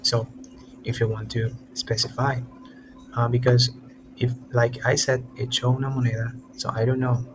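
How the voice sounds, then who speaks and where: A man from America, a tutor teaching an online lesson in halting English with many restarts. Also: mid-range voice. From Latin America. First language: Spanish. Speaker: Spanish tutor. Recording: steady background noise.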